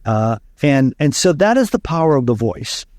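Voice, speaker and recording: A man being interviewed as a communication coach, explaining with animated storytelling and frequent fillers. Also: medium pitch, moderate pace, no echo, studio quality.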